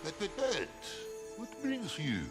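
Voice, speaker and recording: Grumpy hungover wolf, raspy, slow and swooping, game music faint behind. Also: male voice, high-pitched, wildly swooping pitch, exaggerated voice. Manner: grumbling, drawn-out, theatrical. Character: gruff hungover male wolf, cranky and sarcastic. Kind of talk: video game voice acting.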